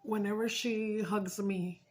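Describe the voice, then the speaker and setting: Speaking slowly in a steady, medium-pitched voice, a woman who does mukbang vlogs tells stories casually but with feeling, dropping in swear words and bits of Spanish.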